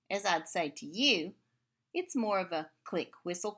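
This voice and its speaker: A woman reading a children's picture book aloud in an expressive, animated way, adding sound effects. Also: medium pitch, measured pace.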